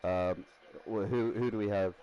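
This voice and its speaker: Rambling gaming streamer. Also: male voice, lowish voice, fairly even intonation, moderate pace, dark tone, lo-fi sound. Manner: rambling, laughs often, self-correcting. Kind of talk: casual gaming commentary.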